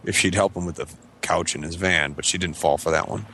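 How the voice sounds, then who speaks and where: A man in a casual chat who adds quiet side comments. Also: deep voice, fairly even intonation, brisk, slight background noise.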